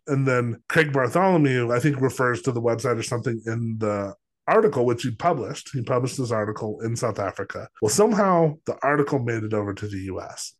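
A man co-hosting a podcast, casually retelling a story, with lots of "like" fillers and voiced quotes. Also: mid-range voice. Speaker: podcast co-host.

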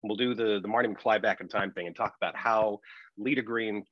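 In a muffled recording without echo, a man with a lowish voice talks briskly. The producer turned interviewer co-hosts his podcast in an animated, joking way, with frequent restarts.

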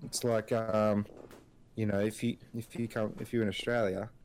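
A man's voice: fairly low pitch, little pitch movement, moderate pace, darkish tone, a little hiss or hum. A man co-hosting a casual podcast, rambling through his points with lots of filler words and restarts. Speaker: podcast co-host. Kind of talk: casual chat.

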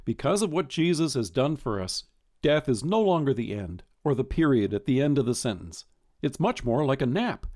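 A man giving a gentle, reflective devotional sermon as a pastor and closing in prayer. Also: mid-range voice, big pitch swings, normal speed.

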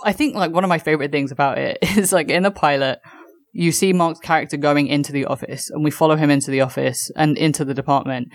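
A woman's voice: low-pitched, steady tone, fast talker. A woman co-hosting a podcast, talking in a loose, chatty way with lots of fillers and restarts. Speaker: podcast co-host. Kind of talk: casual chat.

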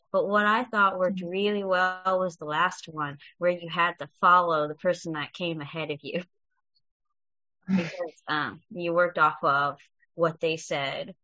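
A woman giving thoughtful, measured feedback in a group chat, over muffled call audio. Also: mid-range voice, sharp tone, no room sound.

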